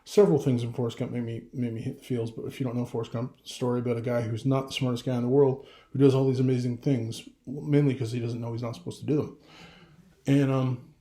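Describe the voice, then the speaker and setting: Middle-aged dad rambling on camera, gets choked up, roomy echo. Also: male voice, mid-range voice, little pitch movement, quick pace, warm tone. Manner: rambling, restarts often, gets emotional. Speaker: vlogger. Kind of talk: casual chat to camera.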